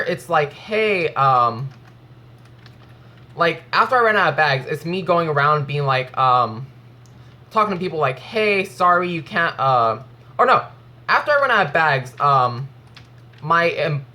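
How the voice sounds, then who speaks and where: A young man rants to his viewers about his day, his pitch swinging up and down as he talks. He is frustrated and rambling, swears often, and plays a video game while he talks. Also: bright, forceful tone. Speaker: gaming vlogger. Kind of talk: casual rant while playing a game.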